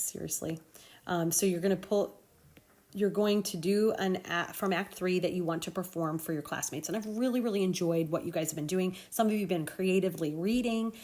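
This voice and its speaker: A woman's voice: on the low side, a little mellow. A woman teacher talking students through a play in a recorded lesson, conversational and often checking in with "okay?".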